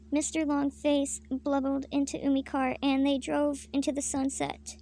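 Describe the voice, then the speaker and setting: A woman reading her own comic fanfiction aloud, deadpan with crude, swearing asides. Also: high-pitched, moderate pace. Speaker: fanfiction reader.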